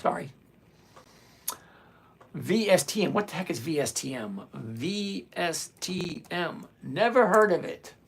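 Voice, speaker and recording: A man's voice: sits high, measured pace, creaky, a bit bright. A man in his sixties hosting a live stream, reading chat questions aloud and answering in a blunt, dismissive way. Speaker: livestream host answering chat.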